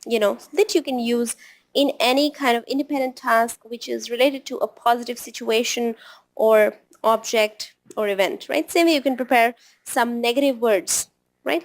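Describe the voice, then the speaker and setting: Chatty woman tutor, fairly high voice. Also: fairly even intonation, moderate pace. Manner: chatty, often ends points with a tag question. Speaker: test-prep tutor. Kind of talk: informal online lesson.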